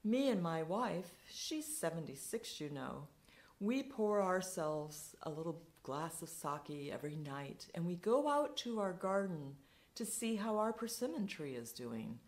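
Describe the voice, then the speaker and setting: A woman voicing a cheerful, serene little old man who chats gently and with delight. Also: fairly low pitch, big pitch swings, a little slow.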